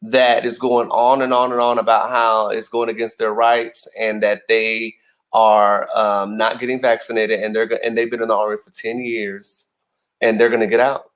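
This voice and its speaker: Male co-host, casual and talkative, quick to laugh while reading comments. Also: fairly low pitch, flat delivery, fairly bright tone. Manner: chatty, reads viewer comments aloud, laughs often. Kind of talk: casual podcast chat.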